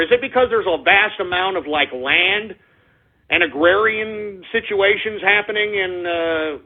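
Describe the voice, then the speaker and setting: A man hosting a radio show, delivering a loud, crude, mocking rant that swells into sudden shouts. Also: sits high. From United States. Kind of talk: ranting talk radio monologue. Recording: phone-like narrow-band audio.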